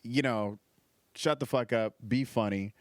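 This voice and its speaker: A man who is a comedian guest, chatting casually in an animated, profane way and acting out what people said. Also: medium pitch, a little slow, no echo, studio quality. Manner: animated, profane, acts out voices in stories. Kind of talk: casual chat.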